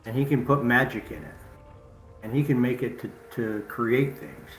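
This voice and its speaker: A man playing his character in a tabletop game, speaking deliberately. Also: mid-range voice, lively intonation, reverberant, faint music behind, rough recording. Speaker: player.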